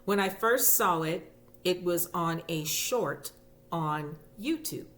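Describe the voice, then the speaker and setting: A woman talks through her crochet projects in a casual vlog, chatty and gushing as she goes. Her voice sits on the low side and her pace is slow and unhurried. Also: a bit bright, slight background noise. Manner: chatty and gushing, with fillers and repeats. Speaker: crochet YouTuber. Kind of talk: casual show-and-tell vlog.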